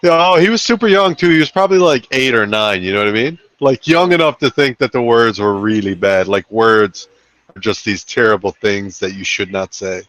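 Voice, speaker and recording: A man's voice: fairly low pitch, a little fast, no echo. A man co-hosting a live fight betting stream, bantering casually, swearing a lot and acting out what people said. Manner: animated storytelling, swears a lot, acts out quotes.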